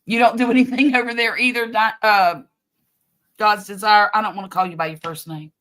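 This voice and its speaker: A woman's voice: mid-range voice, fairly even intonation, fairly quick, a bit bright. A woman with a Southern US accent, co-hosting a crochet stream in a friendly, easygoing way. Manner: friendly, calls everybody honey. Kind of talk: casual chat.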